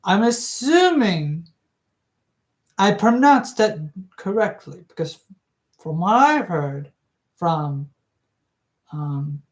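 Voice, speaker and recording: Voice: medium pitch, big pitch swings, drawn-out words, pauses often, poor audio. A hobby book reader narrating casually, breaking off into giggly, rambling, self-correcting asides. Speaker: audiobook reader.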